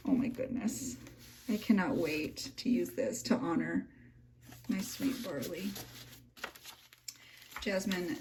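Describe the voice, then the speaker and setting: A woman's voice: on the low side, slight background noise. A young woman, gushing and emotional as she flips through a handmade journal at home. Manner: gushing, emotional, soft-spoken. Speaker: journaling vlogger. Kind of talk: casual flip-through vlog. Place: home room.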